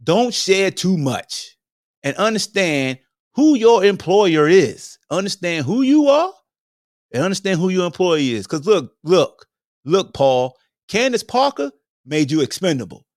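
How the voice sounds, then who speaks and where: A lively man speaking slang, riffing through a comedic rant. His pitch leaps high and drops low all the time, and the voice sits a little high for a man. The sound is close and dry, with no room echo. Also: measured pace. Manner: animated, joking, slangy, swings between high exclamations and low mutters. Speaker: podcast host. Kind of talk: comedic commentary monologue. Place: home streaming setup.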